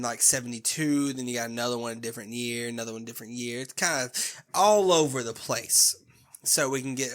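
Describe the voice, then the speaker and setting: Brief: male podcast co-host, forceful bright tone, loose and joking, swears freely. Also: medium pitch. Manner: laughs often, swears casually. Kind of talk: casual chat.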